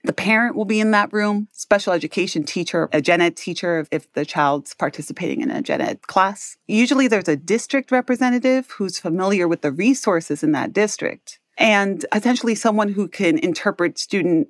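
A woman's voice: medium pitch, expressive, a little fast, hardly any pauses, dry recording, clean studio sound. A woman in her thirties with a New York accent, an educator and parent speaking as a podcast guest, explaining things earnestly and often checking in with "right?". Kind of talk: podcast interview.

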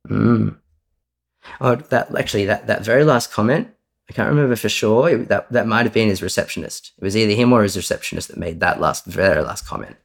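A man with a very low voice talks candidly as a guest in an interview. There's a gravelly rasp under his words. He is earnest and often backs up to correct himself mid-sentence. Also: a little fast. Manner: earnest, with frequent restarts and self-corrections. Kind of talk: candid conversational storytelling.

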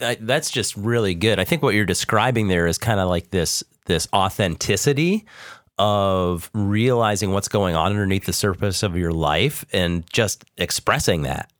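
Deep voiced podcast host guy, reflective, slow thinking out loud. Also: no room sound, studio quality. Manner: reflective, thoughtful questions. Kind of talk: conversational interview.

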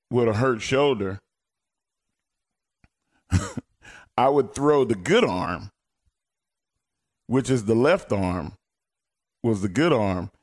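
A man, a former pro wrestler, telling stories in casual talk, animated, laughing and swearing, loud when he quotes people. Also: lowish voice. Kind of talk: casual storytelling on a podcast.

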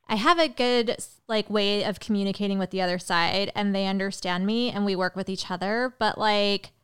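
A woman guest in a casual podcast chat, rambling and animated, full of "like" fillers. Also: mid-range voice, smooth. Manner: rambling, heavy use of "like" fillers; animated, quick bursts of excitement.

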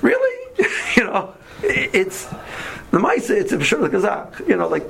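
A man, a teacher, casually telling a story to a small group in an animated way, repeating himself, acting out quotes and mixing in Hebrew and Yiddish words. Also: sits high, measured pace, gravelly, a little hiss or hum.

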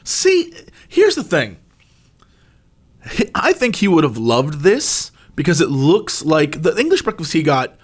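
A man in casual chat, telling a funny family story and jumping up high when quoting himself. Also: huge pitch swings, a little slow, husky.

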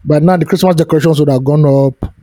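A man's voice: a little high, fast talker, mellow, no echo. A Nigerian man co-hosting a podcast, bantering in a joking, laid-back way during a casual chat. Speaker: podcast co-host.

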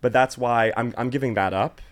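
Young male podcast co-host, mid-pitched, chatty and rambling, filler-heavy, amused. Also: fairly even intonation, a little fast. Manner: rambling, filler-heavy, laughs through stories. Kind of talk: casual chat.

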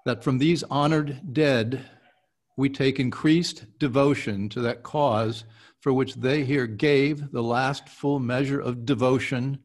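Man, slow measured recitation, mid-pitched voice, careful consonants. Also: fairly even intonation. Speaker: host reciting a speech under coaching. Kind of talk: slow deliberate recitation and casual chat.

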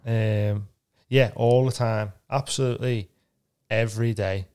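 A man's voice: fairly low pitch, fairly even intonation, a little slow, a little mellow, clear, resonant tone. A man co-hosting a podcast, a comedian in casual chat, self-deprecating and rambling with lots of fillers.

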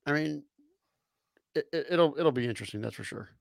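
A man's voice: fairly high pitch, fairly quick, vocal fry, no echo, studio quality. A man co-hosting a casual sports chat show, laid-back and laughing along. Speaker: podcast co-host.

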